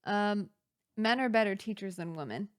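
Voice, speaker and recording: A woman's voice: medium pitch, expressive, moderate pace. A young woman hosts a laid-back podcast, trading memories with her sister. She rambles through stories with a giggly, chatty delivery and a mid-range voice. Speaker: podcast host. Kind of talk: casual sister chat.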